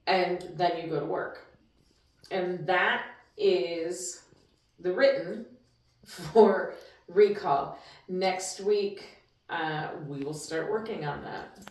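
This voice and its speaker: A woman dog trainer talks through her lessons in a casual, emphatic way, often repeating herself for stress. Her voice sits low. It rings through a very echoey room from a mic placed some distance away. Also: takes it slowly, pauses often, a little mellow. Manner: emphatic, repetitive, chatty. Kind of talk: casual instructional talk.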